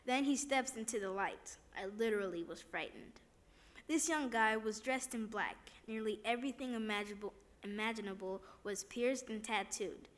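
A woman's voice: on the high side, moderate pace, hardly any pauses. A woman reading a first-person devotional story aloud, plainly, with small slips and restarts.

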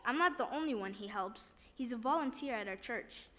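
A woman's voice: a little high, lively intonation, fairly quick, a bit bright. A woman reading the lines of a frail, cheerful old woman in a story, in a chatty way. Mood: proud.

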